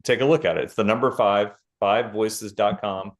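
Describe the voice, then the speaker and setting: A middle-aged man, a guest author explaining ideas in a casual interview with lists and quick examples. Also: fairly low pitch, fairly even intonation.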